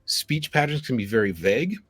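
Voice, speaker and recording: A man speaking as a guest on a video call, animated and storytelling, acting out the people he quotes. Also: medium pitch, fairly quick. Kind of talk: conversational storytelling.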